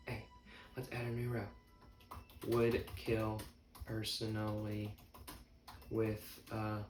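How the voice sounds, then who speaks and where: A man's voice: mid-range voice, a little mellow. A man chatting casually as a vlogger, rambling and joking at his own expense. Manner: rambling, jokey, self-mocking. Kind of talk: casual chat. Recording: echoey room, mic at a distance, faint music.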